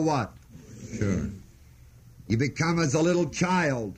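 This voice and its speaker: A man teaching a sermon, slow and emphatic, repeating key phrases as he explains the words of a verse. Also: on the high side, animated, slight background noise. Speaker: preacher.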